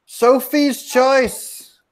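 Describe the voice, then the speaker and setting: A man's voice: very high-pitched, flat delivery, extremely slow, crowd noise. A man co-hosting a live stream, joking and roasting the others in loose banter. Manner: teasing, roasting. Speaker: co-host.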